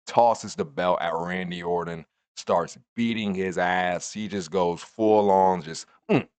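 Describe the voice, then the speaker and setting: A man's voice: low-pitched, a little slow, hardly any pauses, darkish tone, smooth, no room sound. A man in his twenties giving a rambling, profane, casual recap of a wrestling show. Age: 20s. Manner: rambling, profane, laid-back.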